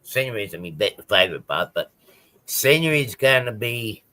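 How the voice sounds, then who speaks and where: A man's voice: on the low side, animated, moderate pace, sharp tone. A man chatting casually on a live stream about his model railway, rambling with many ums and restarts.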